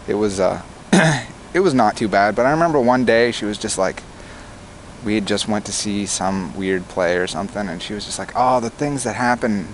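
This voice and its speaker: A man's voice: fairly low pitch, slight background noise, rough recording. A young man in casual chat outdoors, telling stories bluntly with lots of swearing. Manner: blunt and profane, animated storytelling. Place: outdoors at a picnic table outside a bar.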